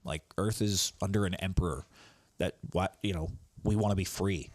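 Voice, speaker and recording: Guy reading as a quirky squirrel heroine, halting casual talk, deep dry voice. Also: steady tone, no room sound. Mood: questioning. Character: young offbeat squirrel-powered heroine, woman.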